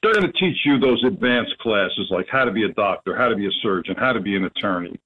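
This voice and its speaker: A man calling in to a radio show, speaking earnestly and haltingly with plenty of fillers. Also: lowish voice, lively intonation, slightly rough. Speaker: caller. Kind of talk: phone-in call. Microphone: telephone. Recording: phone line.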